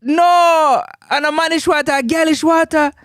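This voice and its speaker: A man's voice: very high voice, steady tone, normal speed, fairly bright tone, dry recording, studio quality. A man with a Jamaican accent hosting a live sports talk stream, teasing viewers playfully and laughing often.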